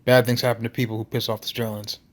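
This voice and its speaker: A loudmouthed male barfly who defends himself with blustering slang, voiced by a man reading a story game. The voice stays at a plain middle pitch. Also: little pitch movement, quick pace, close to an everyday voice. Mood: defensive. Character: brash defensive male small-town barfly.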